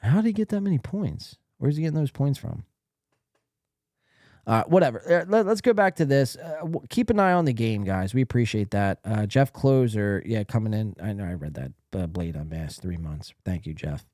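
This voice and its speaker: A man's voice: on the low side, expressive, normal speed, darkish tone, no room sound, studio quality. A man hosting a live stream podcast, ranting casually in a blunt, profane, rambling way.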